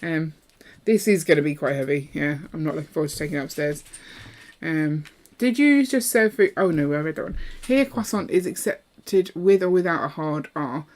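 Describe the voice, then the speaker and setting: A woman's voice: sits low, fairly quick, a little mellow. A woman, chatting playfully during a live stream and reading out viewer messages. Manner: playful, chatty, jumps between topics; reads viewer messages aloud. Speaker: co-host of a live building stream. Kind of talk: casual chat while building and reading chat.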